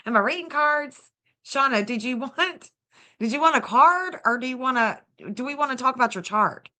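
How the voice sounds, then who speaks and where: A woman's voice: high voice, animated, normal speed, pushed and bright. Gushing woman thanking stream viewers. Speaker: livestream host and astrologer. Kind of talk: casual livestream chat.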